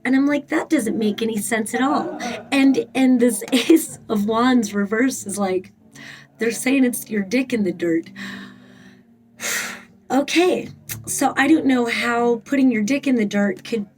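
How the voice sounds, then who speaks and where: Tarot reader, woman, a touch high, loose and rambling, swears bluntly. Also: unhurried, faint music behind, rough recording. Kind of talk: casual tarot reading.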